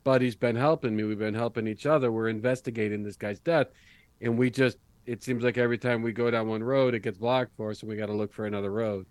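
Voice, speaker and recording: Rich: A tough FBI agent who makes blunt threats and won't be pushed around, as a man plays him at a tabletop game. His voice is mid-pitched and sounds dry and close to the mic, with no room around it. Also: steady tone, quick pace, a little mellow, no room sound, close to an everyday voice. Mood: earnest. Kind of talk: in-character role-play.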